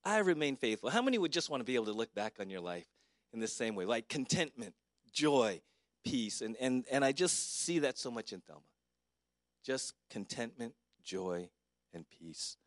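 A man's voice: medium pitch, very animated, normal speed, no echo, clean studio sound. A middle-aged man, a pastor, giving a personal, conversational eulogy at a memorial service. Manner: conversational, warmly personal, with filler words.

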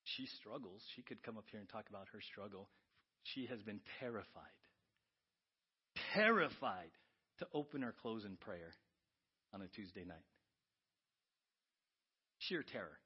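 A pastor preaching a sermon, swinging between loud, urgent questions and quiet, confiding asides. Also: male voice, fairly low pitch, animated, a little slow, pauses often, breathy edge, dull audio.

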